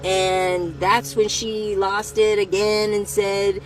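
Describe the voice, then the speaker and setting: A woman telling a personal story to the camera, in a candid and profane way, speaking slowly at first and then getting heated. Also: mid-range voice, flat delivery, over music, rough recording. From United States.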